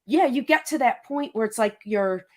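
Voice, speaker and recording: A woman's voice: on the high side, expressive, a little mellow. Engaged woman podcast host. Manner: engaged, quick agreement, short back-channel replies. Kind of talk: casual interview chat.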